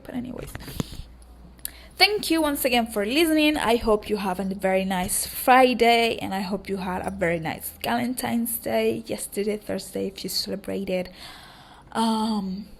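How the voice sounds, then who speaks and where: A young woman hosting a casual solo podcast, her voice hoarse and cracking, rambling with frequent ums and offering warm affirmations to listeners. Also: mid-range voice, a little hiss or hum. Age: young adult. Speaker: podcast host.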